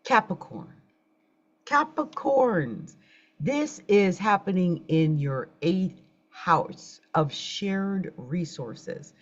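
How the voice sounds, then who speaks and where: A woman's voice: on the low side, big pitch swings, very slow. A woman hosting a casual astrology livestream, chatting straight to her viewers. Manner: chatty, talks straight to viewers, gets flustered by tech trouble. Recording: dull lo-fi livestream audio.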